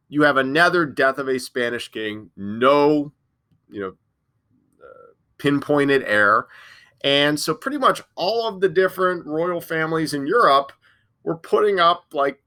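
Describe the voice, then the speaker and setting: A man's voice: mid-range voice, a bit bright. A male history teacher giving a casual classroom lecture, full of fillers and restarts.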